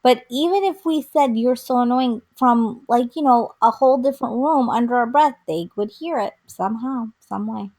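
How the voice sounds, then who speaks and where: A woman's voice: on the high side, normal speed, few pauses. A woman co-hosting a podcast in casual chat, telling stories with lots of fillers and acting out the quotes. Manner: animated storytelling, acts out quotes, many fillers. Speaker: podcast co-host.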